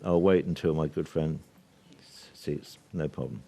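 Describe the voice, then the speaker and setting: An older man from Britain talks to a live audience at a workshop, his voice sitting low. He speaks assertively, filling gaps with ums and wandering into asides before coming back to his point. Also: a little slow, dark tone. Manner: discursive, assertive, with many fillers and asides. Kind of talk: public talk to an audience.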